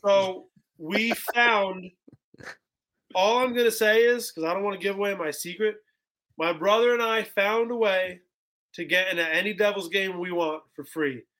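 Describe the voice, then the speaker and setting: A young man telling a story on a podcast, casual and animated, acting out what people said with lots of "like" and "bro". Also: high voice, moderate pace. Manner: animated, acts out quotes, heavy "like" and "bro". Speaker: podcast guest.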